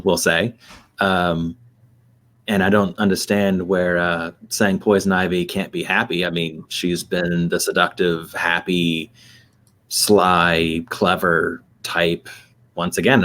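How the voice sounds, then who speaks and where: A man's voice: low-pitched, level tone, measured pace, a bit bright. A man appearing as a guest on a casual podcast, speaking hesitantly and thoughtfully with many fillers.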